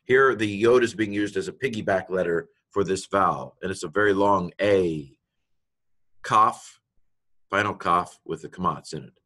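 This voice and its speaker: A middle-aged male teacher giving a lecture, patiently explaining step by step and slowly sounding out letters and vowels. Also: deep voice, pushed and bright. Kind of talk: classroom lecture on reading Hebrew.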